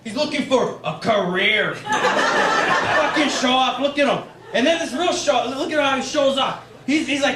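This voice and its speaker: A man's voice: very high voice, expressive, a little slow. A young man performing a stand-up comedy set, rambling loosely with lots of fillers. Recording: echoey room from far off, loud background noise.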